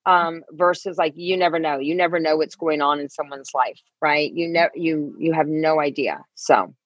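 Guest: middle-aged woman, low husky voice, lively storyteller, muffled earbud call. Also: normal speed, dry recording. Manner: animated, acts out quoted voices. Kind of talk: casual interview storytelling.

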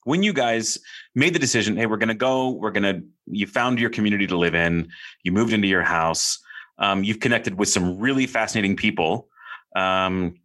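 A man's voice: fairly low pitch, lively intonation, normal speed, bright, forceful tone. A man hosting a podcast, asking curious, rambling questions with frequent restarts. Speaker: podcast host. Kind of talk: conversational interview.

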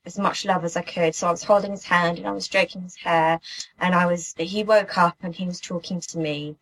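A young woman from the UK telling a personal story in an earnest, halting way, with many restarts. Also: on the low side, a bit bright, rough recording. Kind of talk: emotional personal account.

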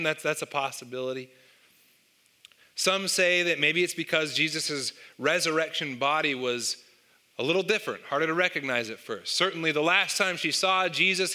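A man preaching a sermon with a very bright, sharp voice. He tells stories and puts rhetorical questions to his listeners. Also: a little high. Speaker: pastor.

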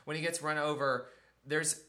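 A man's voice: a little high, fairly even intonation, normal speed, pushed and bright. A man co-hosting a podcast, chatting casually about a book with agreeable, wry asides. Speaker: podcast co-host.

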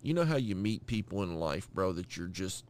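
A man's voice: sits low, sing-song, normal speed, darkish tone. A man co-hosting a podcast in casual chat. He is laid-back, swears a lot and keeps saying bro and dude. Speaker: podcast co-host.

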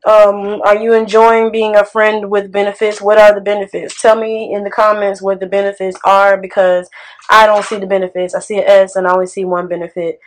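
A woman's voice: mid-range voice, brisk, poor audio. Sassy woman podcast host. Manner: animated, sassy and conversational. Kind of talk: casual podcast chat.

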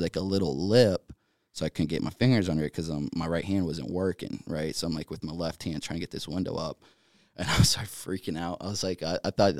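A young man from North Carolina, a podcast guest, retelling events in a rapid, filler-heavy way with many restarts. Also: low-pitched, darkish tone, no echo, clean studio sound. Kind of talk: casual storytelling in an interview.

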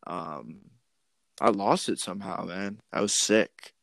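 A man who is a DJ, talking as a guest in a casual conversation, laid-back and hesitant with many pauses. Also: low-pitched, gravelly, a bit bright. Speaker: DJ and podcast guest.

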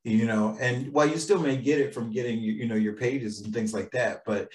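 A man talking in a loose, rambling way, full of "like" and "you know" and restarts. He sits back from the microphone in an echoey room. His voice is mid-pitched. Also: a little fast, darkish tone, recorded from a distance. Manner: rambling, lots of fillers and restarts. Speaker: podcast co-host, screenwriter. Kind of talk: casual chat.

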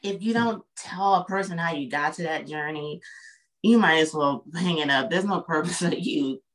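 A woman's voice: low voice, moderate pace, rough recording. A woman guest on a podcast, talking in an earnest, reflective way and often checking in with the listener. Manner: reflective, earnest, frequent "you know what I'm saying". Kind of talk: casual chat.

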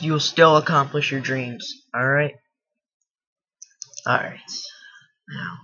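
Male solo podcast host, rambling and self-mocking, speaking up with a bright, tense tone; dull lo-fi computer-mic sound. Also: medium pitch, steady tone, slow, long pauses. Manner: rambling, self-deprecating, raising his voice. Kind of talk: casual solo podcast monologue. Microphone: computer mic from across the room.

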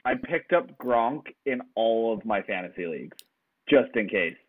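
A man's voice: fairly low pitch, lively intonation, unhurried. A man co-hosting a casual sports podcast who talks in a laid-back, casual way and swears freely. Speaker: podcast co-host. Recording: tinny phone-like line.

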